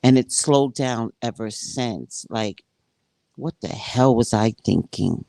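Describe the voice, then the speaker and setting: A woman who works as a psychic, reading from a spiritual book and commenting on it, acting out dialogue like an animated storyteller. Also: very deep voice, takes it slowly, creaky, no room sound.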